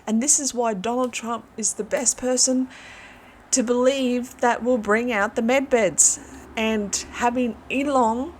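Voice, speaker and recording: A woman giving a rambling, animated spiritual monologue as an online preacher, full of restarts and fillers. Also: on the high side.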